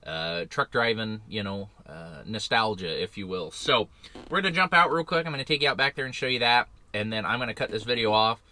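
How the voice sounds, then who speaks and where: A man's voice: medium pitch, expressive, brisk, sharp tone, no room sound. A man who drives his own truck, talking casually and rambling a bit in a vlog from in and around his parked semi. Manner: rambling, loose and chatty. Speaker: owner-operator truck driver.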